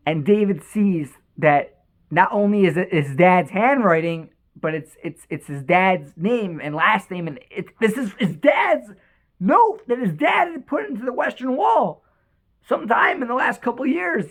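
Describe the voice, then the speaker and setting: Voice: mid-range voice, animated, unhurried, fairly bright tone. A storyteller telling an inspirational religious story with emotion, repeating words and restarting sentences.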